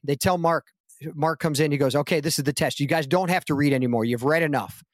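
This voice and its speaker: This guest actor has a fairly high pitch and a quick pace as he tells a long anecdote in a laid-back podcast interview. He voices the quoted lines louder and with animation, and the studio-quality audio has no echo.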